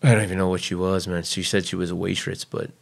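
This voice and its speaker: A man's voice: sits low, little pitch movement, quick pace, creaky. A man guest on a podcast, telling a personal story casually and bluntly, swearing freely. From United States.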